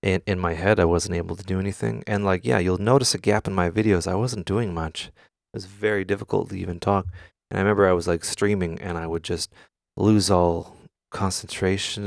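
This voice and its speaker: Deep gravelly guy on a live stream, swears a lot, dry close sound. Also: steady tone, brisk, no echo. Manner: candid, swears often, answers chat questions. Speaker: music producer streamer. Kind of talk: casual live-stream chat. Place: home studio.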